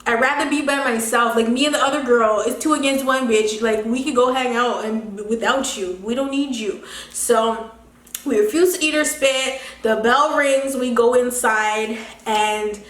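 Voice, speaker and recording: A young woman telling a casual storytime vlog, animated and slangy, swearing freely and laughing often. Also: on the high side, moderate pace. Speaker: beauty vlogger. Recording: echoey room.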